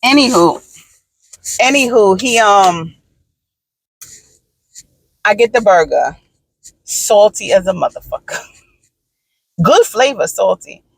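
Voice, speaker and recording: A woman in her thirties, talking casually to her viewers from inside a car, animated and frank with swearing, swinging from exasperated rants to easy storytelling. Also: medium pitch, slow, gravelly, pauses often, husky, poor audio. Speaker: vlogger.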